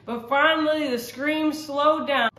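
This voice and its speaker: A woman's voice: high-pitched, steady tone, measured pace, fairly bright tone. Earnest, rambling woman in an echoey room. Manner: rambling, earnest, with many fillers and restarts. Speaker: vlogger sharing a testimony. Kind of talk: casual testimony talk. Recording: roomy echo.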